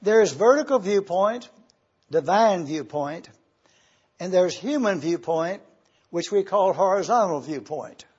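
Slow, husky-voiced preacher man. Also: sits high, expressive, a little mellow, lo-fi sound. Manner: slow, deliberate teaching with spelled-out Greek words. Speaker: pastor. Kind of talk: sermon. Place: church.

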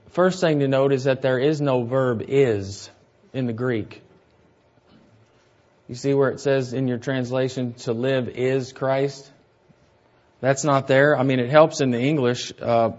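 A man's voice: mid-range voice, darkish tone, lo-fi sound. A man preaching an expository sermon, teaching verse by verse and repeating key phrases for emphasis. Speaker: pastor.

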